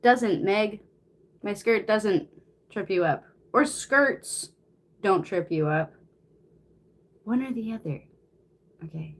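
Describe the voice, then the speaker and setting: A woman's voice: medium pitch, expressive, slow pace, pauses often. A young woman reading a novel aloud on a stream, flustered, swearing casually and out of breath. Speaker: reader.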